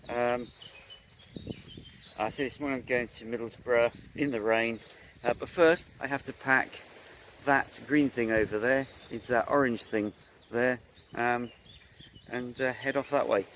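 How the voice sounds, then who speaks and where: A man's voice: mid-range voice, fairly even intonation, unhurried, long pauses, a bit bright, slight background noise. A man on a motorcycle trip chatting casually by phone from a campsite, rambling with lots of ums and uhs. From England. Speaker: motorcycle traveller on a video call. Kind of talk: casual chat. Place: outdoors under a tree at a campsite. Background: faint rural outdoor sounds, insects.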